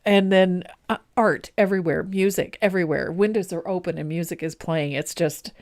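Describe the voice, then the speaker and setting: A woman's voice: fairly low pitch, moderate pace, darkish tone. A woman hosting a painting show, chatting enthusiastically and then talking through a brush demonstration. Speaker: painting teacher and host. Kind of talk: casual chat and painting demonstration.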